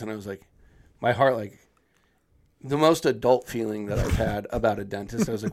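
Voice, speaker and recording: A man casually telling a funny story on a podcast, acting out other people's lines with a lively put-on voice. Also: mid-range voice, normal speed.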